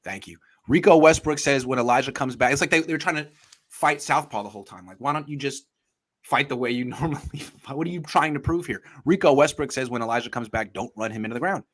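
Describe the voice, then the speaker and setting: A man's voice: medium pitch, fast talker, a bit bright. Man, sports podcast host, casual chat, emphatic, joking, mid-range voice. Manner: emphatic, jokey, repeats himself for effect.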